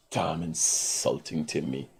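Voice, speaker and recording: A man's voice: a bass voice, vocal fry, husky. A man with a Guyanese Creole accent hosting a live stream, ranting and laughing in loose, rambling commentary. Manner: animated, ranting, bursts of laughter. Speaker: livestream host.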